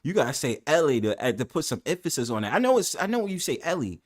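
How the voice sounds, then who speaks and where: A man's voice: mid-range voice, very animated, fast talker. A man with a New York accent hosts a casual live stream. He talks in an everyday mid-range voice, playful and teasing, and laughs easily as he jokes with his guest.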